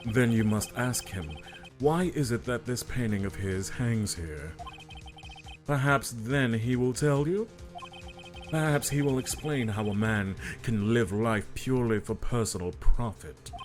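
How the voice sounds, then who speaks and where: A man's voice: mid-range voice, a little slow, soft background music, lightly acted. A man voicing a smug, pompous rich villain in a fan dub of a game, with a theatrical, sneering manner. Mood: dismissive.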